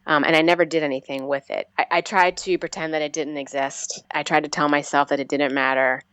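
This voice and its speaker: A woman in her forties telling her personal story as an interview guest, earnest and halting, often restarting her sentences. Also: sits low, fairly even intonation, a bit bright, smooth, dry recording. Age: 40s.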